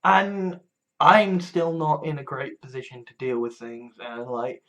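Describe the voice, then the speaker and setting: A man's voice: medium pitch, lively intonation, a little slow, fairly bright tone. A man in a casual rambling monologue, stumbling over restarts, swearing freely and laughing wryly at himself. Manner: wry, laughs often. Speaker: vlogger.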